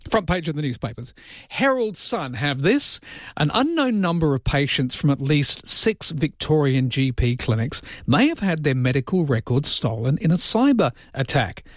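A man's voice: a little high, no echo, studio quality. An Australian man hosting early-morning radio, chatting about listener texts and reading the newspaper front pages in a self-deprecating, jokey way. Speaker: radio host. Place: radio studio. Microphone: close studio microphone.

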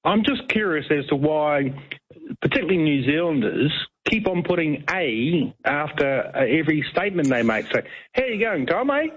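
Curious guy calling in, lively up-and-down voice, husky, muffled. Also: fairly high pitch, moderate pace. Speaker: caller. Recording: muffled phone line.

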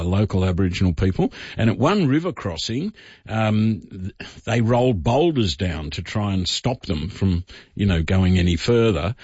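A man's voice: fairly low pitch, darkish tone, slightly rough, dry recording. Rambling man telling history on radio. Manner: rambling, many fillers and restarts. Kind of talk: casual radio storytelling. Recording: dull dry radio studio sound.

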